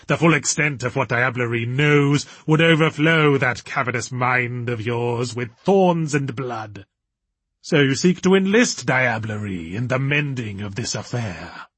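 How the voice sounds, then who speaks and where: A man voicing a dazed, pompous, theatrical male villain who talks slowly and grandly, slurring his words. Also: medium pitch, fairly bright tone, husky, no echo. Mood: grandiose, slurred.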